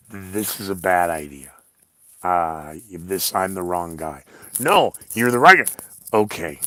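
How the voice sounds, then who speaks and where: A man's voice: lowish voice, a bit bright, no echo, clean studio sound. A man hosting his own podcast, talking in a rambling, blunt monologue full of sarcastic asides. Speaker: podcast host.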